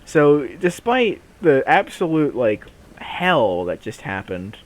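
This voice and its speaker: A young man hosting a casual chat, recounting a mishap with lots of laughter and loose fillers. His voice sits a little high and his pitch jumps around in a lively, animated way. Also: slow. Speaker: podcast co-host. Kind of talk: casual storytelling.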